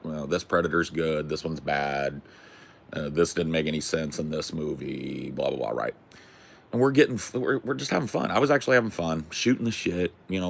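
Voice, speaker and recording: A man hosting a podcast, telling a rambling story in a casual, profane, animated way. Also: sits low, vocal fry, slight background noise. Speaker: podcast host.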